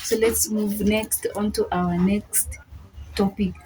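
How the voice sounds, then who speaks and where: A woman's voice: mid-range voice, flat delivery, slow pace. A woman teaching an online grammar lesson, patiently repeating key words and going step by step. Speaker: English teacher. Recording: noticeable background noise.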